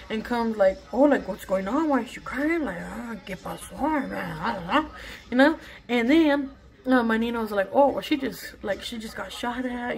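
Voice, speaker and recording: A woman's voice: a little high, poor audio. A young woman tells a casual storytime vlog, chatty and swearing freely. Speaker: vlogger.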